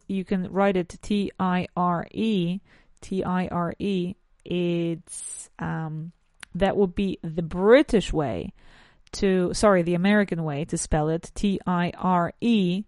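A woman's voice: lowish voice, a little mellow, no room sound, clean studio sound. Woman teaching English vocabulary. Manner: switches between English and Spanish, self-correcting, chatty asides. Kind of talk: bilingual lesson, teaching English vocabulary to Spanish speakers.

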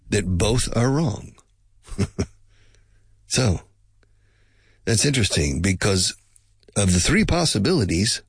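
A man's voice: sits low, slightly rough, no room sound, studio quality. A man teaching English in a casual spoken lesson, musing and speculating aloud and drilling pronunciation by repetition.

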